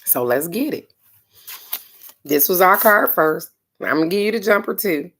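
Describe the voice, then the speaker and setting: A woman's voice: on the low side, expressive, moderate pace, a bit bright. A middle-aged woman doing a casual card-of-the-day reading, talking in a frank, earnest way with the odd swear. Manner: frank, earnest, occasionally profane. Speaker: oracle card reader.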